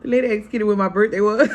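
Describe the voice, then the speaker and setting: A woman vlogger and mother telling a story in a casual vlog, frank and profane, chatting straight to her viewers. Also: mid-range voice. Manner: chatty, frank and profane, keeps calling to viewers as "y'all" and "girl"; re-enacts scenes vividly in the retelling.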